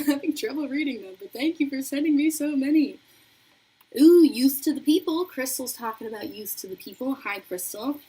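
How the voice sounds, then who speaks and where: A woman's voice: a little high, husky, low-quality recording. A young woman hosting a beauty livestream, chatting casually and reading viewer messages while she does her makeup in her apartment. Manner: bubbly, chatty, reads viewer messages aloud. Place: apartment room with a noisy radiator. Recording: faint room noise from radiator. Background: faint radiator hiss.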